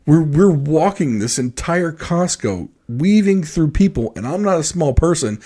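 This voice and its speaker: This man, a podcast co-host, narrates a story casually and with animation, voicing the other people he quotes. His pitch is on the high side, and he takes an unhurried pace.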